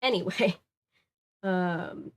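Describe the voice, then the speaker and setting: She draws out her words in a lowish voice as she goes through viewer comments during a casual live stream. The streamer is from Louisiana, has a light Southern accent, and rambles with many fillers.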